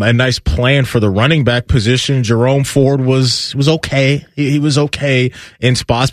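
A man of middle pitch hosts a sports talk radio show. He talks with energy and emphasis, building his case point by point. His voice is close to the mic and dry. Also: no echo. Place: radio studio.

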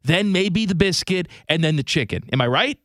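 A man's voice: fairly high pitch, expressive, moderate pace, a bit bright, dry recording, studio quality. A man co-hosting a radio talk show, chatting casually with a teasing, wry manner.

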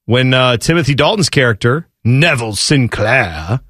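A man co-hosting a sports talk radio show, chatting casually and telling stories with excitement. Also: medium pitch, moderate pace, no echo, clean studio sound. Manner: animated, excitable storyteller.

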